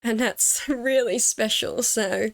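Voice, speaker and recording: A woman's voice: fairly high pitch, slow pace, dry recording. A woman hosting her gaming channel, talking to camera in a heartfelt, casual way, teary and grateful. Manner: emotional, teary, grateful, with soft laughs.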